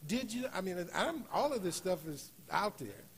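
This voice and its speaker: A man preaching a sermon in a church, slowing on key phrases and rising to loud, emphatic peaks. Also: high-pitched, very animated, gravelly, a little hiss or hum. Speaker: guest preacher. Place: church sanctuary.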